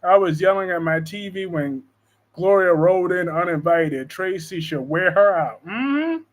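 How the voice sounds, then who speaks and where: A high-voiced man chatting casually on a live stream from home. He keeps things animated and joking, and reads viewer comments aloud as he goes. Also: measured pace. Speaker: live-stream host discussing soap operas.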